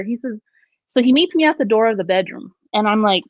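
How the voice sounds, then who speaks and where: A woman's voice: a little high, fast, no room sound. A woman telling her own ghost story in casual conversation, acting out the quoted lines as she goes. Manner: animated, acts out quoted lines. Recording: dull, dry lo-fi audio.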